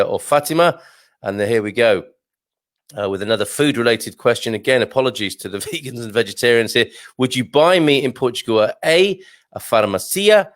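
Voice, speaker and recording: A man's voice: lowish voice, no room sound, clean studio sound. A man hosting a live news and quiz show, chatty and jovial, with lots of fillers and chuckles, a little sluggish this morning. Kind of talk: casual live-stream hosting. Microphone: desktop mic at a computer.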